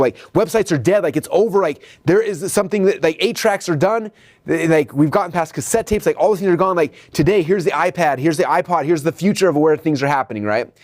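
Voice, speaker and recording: A marketing trainer with a slightly high voice and no echo teaches at a whiteboard. He tells animated stories and acts out shop customers in raised voices.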